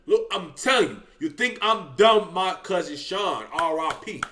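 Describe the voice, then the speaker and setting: Guy reacting to a vid, slangy storytelling, kinda high voice, bright and punchy. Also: unhurried, a little hiss or hum. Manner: animated, slangy, drawls 'boy' at line ends. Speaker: reaction video host. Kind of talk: casual profane storytelling.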